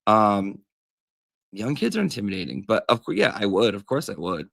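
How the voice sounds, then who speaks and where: A man's voice: lowish voice, very animated, normal speed, gravelly, a bit bright, no room sound, clean studio sound. Gossipy, sassy man on a comedy stream. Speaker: comedic livestream host in teacher persona. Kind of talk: chatty comedy livestream.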